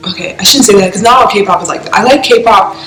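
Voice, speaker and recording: A young woman from the American East Coast talks through a casual reaction vlog at an ordinary pitch. She is emotional and rambling, with constant "like" fillers. The room sounds echoey, and faint music plays behind her. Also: fast, a bit bright. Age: young adult. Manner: rambling, heavy use of "like", emotional.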